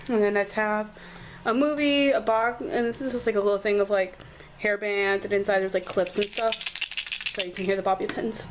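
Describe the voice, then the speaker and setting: A woman's voice: medium pitch, fairly even intonation, fairly quick, a little hiss or hum. Chatty young Southern woman vlogger. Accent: American Southern. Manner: chatty, many "like" fillers. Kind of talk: casual room tour. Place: her bedroom, indoors.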